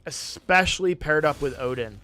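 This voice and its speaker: A man's voice: on the high side, expressive, normal speed, bright, forceful tone, faint music behind. Sleepy rambling man streamer. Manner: rambling, with frequent restarts. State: sleepy, yawning. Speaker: game streamer. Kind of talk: casual live-stream chat.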